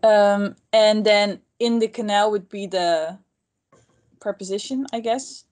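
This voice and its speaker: Slow-speaking woman reading lesson slides. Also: mid-range voice, steady tone, darkish tone.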